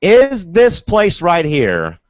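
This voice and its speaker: A man's voice: sits high, wildly swooping pitch, drawn-out words, no echo, muffled recording. A man hosting a casual online sports show, talking chattily and repeating "of course" and "folks.". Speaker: podcast host.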